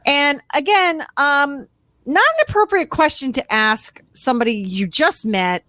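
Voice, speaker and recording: A woman co-hosting a podcast, recapping a show in a rambling, profane, animated chat. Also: high-pitched, measured pace, no room sound. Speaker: podcast co-host. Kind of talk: casual chat.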